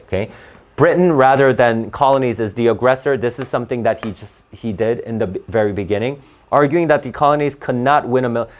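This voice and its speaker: A man working through reading test questions aloud as a tutor, in a casual, self-correcting way that keeps checking with "right?". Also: mid-range voice. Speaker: SAT tutor. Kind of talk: thinking-aloud test walkthrough.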